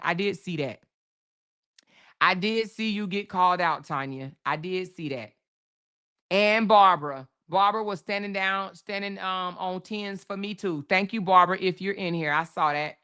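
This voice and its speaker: A woman's voice: on the low side, normal speed, a bit bright, smooth. A woman hosting a livestream, ranting to her viewers in casual, heavily profane commentary. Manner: heated and profane, addressing viewers directly. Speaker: livestream host.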